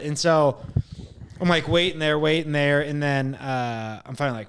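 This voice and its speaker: A man's voice: a little high, normal speed, clean tone. A young man co-hosting a casual podcast, telling a long story with lots of swearing and acted-out dialogue. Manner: animated storyteller, swears freely, acts out exchanges. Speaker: podcast co-host.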